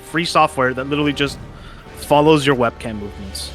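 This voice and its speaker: A man's voice: mid-range voice, brisk, fairly bright tone, soft background music. A man on a casual stream chat, explaining eagerly with frequent stammered restarts. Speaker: guest on a stream.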